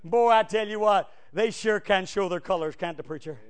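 A male pastor preaching a fiery sermon, swinging from loud cries to hushed asides. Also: sits high, normal speed, smooth.

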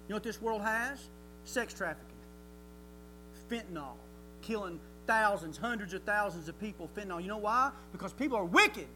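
A man's voice: sits high, expressive, normal speed, sharp tone, slight background noise. A man preaching a sermon in a folksy way, asking rhetorical questions and chuckling often.

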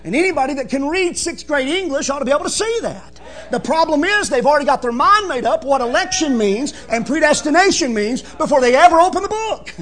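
A man preaching a sermon in a fervent, emphatic way, swinging from soft to loud. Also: very high-pitched, animated, a little fast. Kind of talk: evangelical sermon.

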